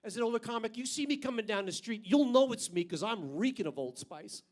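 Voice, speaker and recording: A man's voice: very high-pitched, animated, fairly quick. An older man doing a stand-up comedy routine on a club stage with a handheld mic, brash and profane, landing punchlines hard.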